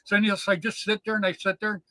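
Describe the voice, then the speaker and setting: A man hosting a show, telling casual stories in an animated, chatty way and checking in with "right?" and "man". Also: high-pitched, fast, no echo. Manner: animated yarn-spinner, peppers lines with "man" and "right?". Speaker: show host. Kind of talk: casual storytelling chat.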